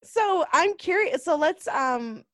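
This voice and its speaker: Lively, giggly woman in casual chat. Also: sits high, takes it slowly, no room sound, clean studio sound. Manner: giggly, animated, eager to agree. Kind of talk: casual movie review chat.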